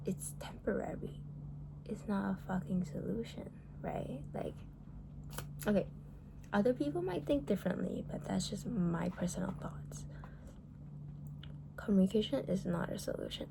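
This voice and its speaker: A woman's voice: medium pitch, gravelly, background noise. A woman venting about relationships in a casual monologue, blunt and heated, swearing often and filling her talk with "like".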